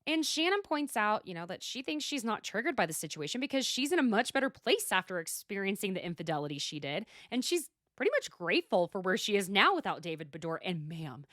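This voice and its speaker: A woman's voice: medium pitch, sing-song, fairly quick, hardly any pauses, a bit bright, dry recording, studio quality. A woman hosting a solo podcast, recapping in a blunt, profane, exasperated casual chat. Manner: blunt, profane and exasperated, talking straight to the people she discusses. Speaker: podcast host.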